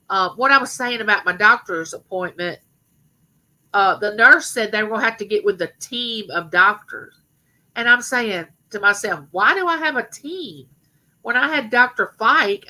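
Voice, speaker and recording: A middle-aged woman with a rough voice, rambling chattily to her viewers as host of a live stream. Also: medium pitch, sharp tone, poor audio. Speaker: livestream host. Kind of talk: casual live stream chat.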